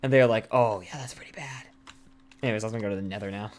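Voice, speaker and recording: A streamer with a lowish voice races through a long, meandering story as he plays, restarting often and leaning on "like." The audio comes from a noisy home mic with audible clicks.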